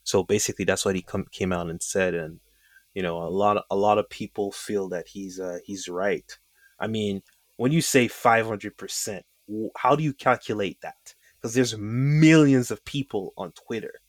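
A young man co-hosting a podcast speaks in a measured way and chimes in with short reactions. His voice sits somewhat low. The recording is dry and close. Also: dry recording. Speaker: podcast co-host. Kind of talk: casual chat.

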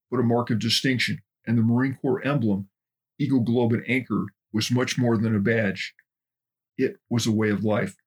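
Gravelly husky documentary narrator. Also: male voice, medium pitch. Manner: steady, measured delivery. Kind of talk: documentary narration with book readings.

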